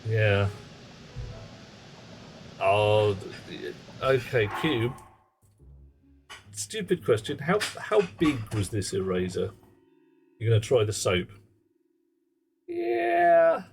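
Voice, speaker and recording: A man's voice: fairly low pitch, expressive, slow, long pauses, slight background noise. A man streaming a game live, rambling through wry, chatty asides to his viewers. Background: game music.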